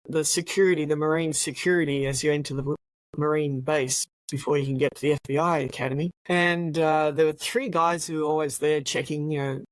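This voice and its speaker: A woman's voice: deep voice, no echo, rough recording. Brief Chatty retired Australian policewoman, dry sound. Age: older. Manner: chatty, laughs often, many fillers. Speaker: retired police officer, guest. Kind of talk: casual anecdote telling.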